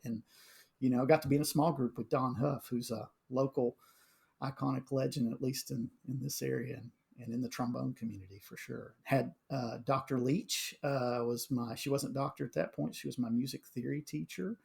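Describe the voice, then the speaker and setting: A middle-aged man, a high school band director, telling animated stories in casual conversation, full of fillers and restarts. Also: moderate pace, vocal fry.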